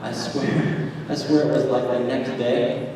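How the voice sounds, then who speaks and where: A man in his thirties doing a stand-up comedy set, telling stories in an animated way and acting out voices. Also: medium pitch, unhurried, noisy background. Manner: animated storytelling, acts out voices of his wife and himself. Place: live comedy venue. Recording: echoey hall, distant mic, audience laughter.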